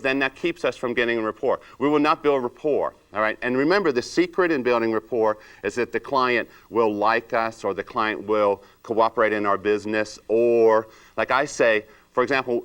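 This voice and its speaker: A man's voice: mid-range voice, clean tone. A man leading a salon industry training seminar, acting out client chats and asking the room rhetorical questions. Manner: animated, acts out client chats in raised voice.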